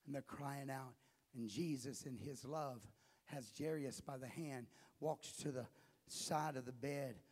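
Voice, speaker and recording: A male pastor preaching a sermon, often building up to impassioned shouting. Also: mid-range voice, husky.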